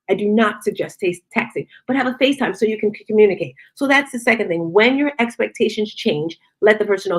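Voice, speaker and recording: A middle-aged woman giving a casual motivational talk, expressive and chatty, acting out conversations as she goes. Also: mid-range voice. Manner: expressive, acts out quoted conversations. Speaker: motivational speaker and fitness studio owner.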